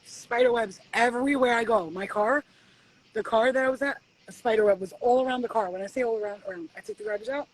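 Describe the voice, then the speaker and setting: A woman giving spiritual readings at home in a casual live-stream chat, animated and swearing freely as she acts out conversations with spirits. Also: fairly high pitch, quick pace, a little hiss or hum, poor audio. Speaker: spiritual reader.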